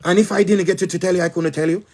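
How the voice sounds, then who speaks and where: Man, Jamaican accent, high-pitched, patois sermon, emphatic, repetitive. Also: fairly even intonation, racing, darkish tone. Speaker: spiritual teacher. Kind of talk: preaching monologue.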